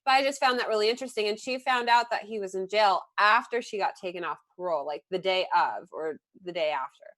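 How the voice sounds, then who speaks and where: A woman co-hosting a casual recap show, telling gossip in a chatty, relaxed way. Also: medium pitch, quick pace, few pauses. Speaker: co-host sharing gossip. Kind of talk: casual chat.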